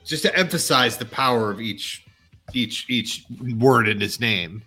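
Casting: male co-host, bright forceful tone, explanatory wrestling chat. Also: mid-range voice, a little slow, soft background music.

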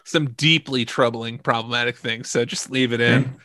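A man's voice: medium pitch, fairly even intonation, moderate pace, pushed and bright, no echo. A man hosting a podcast, chatting casually in a jokey, rambling way and laughing often. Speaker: podcast host. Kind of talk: casual chat.

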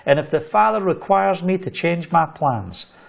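A gravelly voice on the high side belongs to a middle-aged preacher from the United Kingdom, who speaks at a moderate pace. In his sermon he tells a story animatedly, taking on the voices of its characters.

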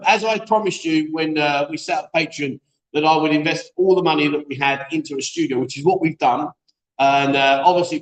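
A chatty man hosts a live-stream show, joking with his co-host and reading out viewer messages. His voice sits fairly high, and the room around him rings with echo. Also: fairly bright tone. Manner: chatty, jokey banter, reads viewer comments aloud. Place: echoey room being set up as a studio. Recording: echoey room.

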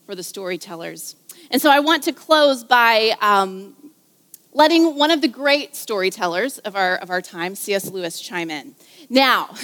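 A middle-aged woman preaching a sermon in a chatty manner, laughing easily and trailing off softly at the ends of phrases. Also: fairly high pitch, long reverb tail.

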